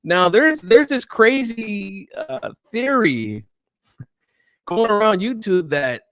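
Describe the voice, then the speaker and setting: A man's voice: high voice, very animated, slow, a bit bright, dry recording. A man hosting a boxing talk channel, talking casually and emphatically with frequent laughs and "like". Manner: laughing, emphatic, says "like" a lot. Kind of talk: casual video commentary.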